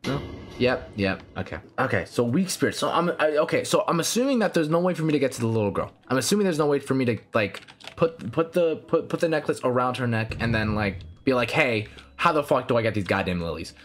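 A young man commentating a horror game, excitable and swearing, laughing often, yelping when startled, and chatting to the characters on screen. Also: mid-range voice, fast talker. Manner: excitable, swears, jumps to loud startled yelps. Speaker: gaming channel host. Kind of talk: let's play commentary.

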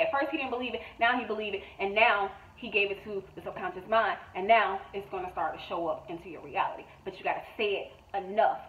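Speaking fast in a mid-range voice on a distant mic, this woman sounds thin and echoey, like a phone recording. As a manifestation coach giving a motivational vlog monologue, she's blunt, profane, emphatic, and repeats herself.

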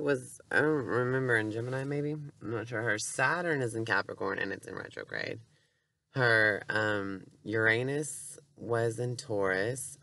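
A woman's voice: extremely low pitch, fairly bright tone. A woman vlogging casually about her new dog, rambling and unsure as she talks. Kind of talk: casual home vlog.

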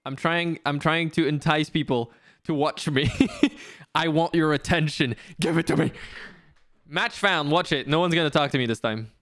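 A young man talks on a gaming livestream. His voice sits a little high and he sounds animated and self-mocking, with the odd curse. The sound is dry and close, with no room around it. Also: no room sound. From France. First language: French. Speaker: streamer. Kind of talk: casual livestream chat while gaming.

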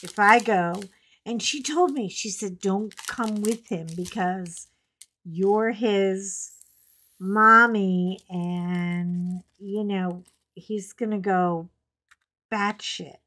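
A middle-aged woman hosts a relaxed crafting chat from home, taking her time with each sentence. She tells stories in a chatty, amused way, laughs often, and drops the odd mild curse word. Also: mid-range voice, very slow. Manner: chatty storyteller, laughs often, colorful swearing. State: recovering from a cough. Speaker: craft channel host. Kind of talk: casual chat while painting.

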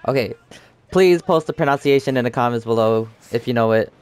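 A young man chats loosely over his game footage, trailing off and restarting his thoughts as he goes. His voice is smooth and clear, recorded dry and close with no room sound. He sits at a middle pitch for a man. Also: fairly quick, a little mellow, dry recording. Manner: rambling, chatty, lots of fillers and restarts. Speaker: gaming YouTuber. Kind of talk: casual gameplay commentary.

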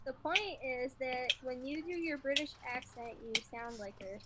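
High-voiced woman on a noisy voice chat. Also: lively intonation, normal speed. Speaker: gamer. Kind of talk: casual gaming chat.

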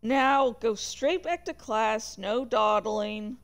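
A woman voicing a droning, fussy middle-aged male vice principal in a lowered voice, reading a book aloud. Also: takes it slowly. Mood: dismissive.

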